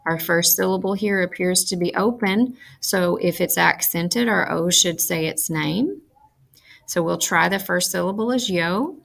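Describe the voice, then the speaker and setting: A woman teaching a phonics lesson, speaking slowly and carefully and enunciating each sound. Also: fairly low pitch, gravelly, a bit bright. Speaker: reading teacher.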